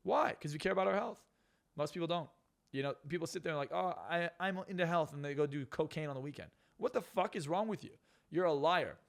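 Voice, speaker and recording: A man's voice: fairly high pitch, expressive, fast talker, creaky. A man on a podcast talking bluntly and profanely, ranting with strong opinions. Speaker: podcast guest. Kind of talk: casual podcast talk.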